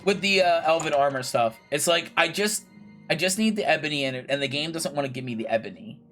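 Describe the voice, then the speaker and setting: A man's voice: fairly high pitch, lively intonation, fast, fairly bright tone, faint music behind. A young man casually commentating his gameplay, chatty and jokey, swearing freely and talking to himself and the game characters. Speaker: gaming video creator.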